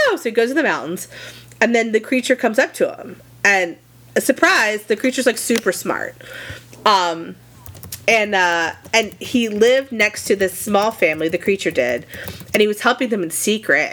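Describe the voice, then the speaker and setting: A young adult woman co-hosting a podcast, retelling a classic story in a casual, animated way with swearing and lots of fillers. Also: medium pitch, moderate pace. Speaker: podcast co-host.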